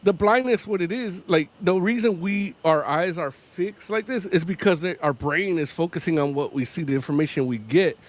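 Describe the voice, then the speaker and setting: A man with a slightly high voice, chatting casually as a podcast host. He talks loosely, drops profanity without a second thought and breaks into laughter mid-sentence. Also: moderate pace, few pauses. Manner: loose, profane, laughs often while talking. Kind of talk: casual chat.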